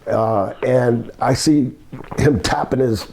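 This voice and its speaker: A man's voice: medium pitch, takes it slowly, vocal fry, mellow, slight background noise. An older man, a former wrestler, telling rambling anecdotes with laughter in a shoot interview. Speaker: guest, former pro wrestler.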